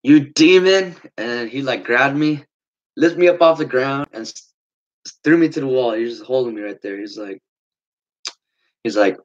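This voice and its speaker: A young man telling a long story in a casual, rambling way, swearing often and filling pauses with "like" and "uh". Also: mid-range voice, lo-fi sound. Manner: rambling, swearing, frequent fillers.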